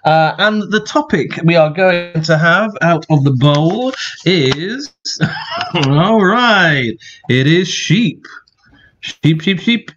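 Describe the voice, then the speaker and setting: A man's voice: on the high side, expressive, slow, a bit bright, muffled recording. A man hosting an online comedy contest in a chatty way, with lots of fillers, on a video call. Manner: chatty, filler-heavy, upbeat. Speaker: host. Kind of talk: casual online show hosting.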